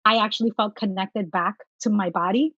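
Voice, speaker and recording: A woman in her thirties telling her story as a guest in an interview, earnest and lively when she quotes herself. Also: medium pitch, a little fast, no echo, highs cut off. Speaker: guest, tapping practitioner.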